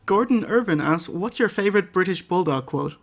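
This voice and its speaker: A man's voice: high voice, expressive, fairly quick, creaky. An Irish man hosting a podcast, reading out listener questions and bantering casually with a guest. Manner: casual, joking, swears. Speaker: podcast host.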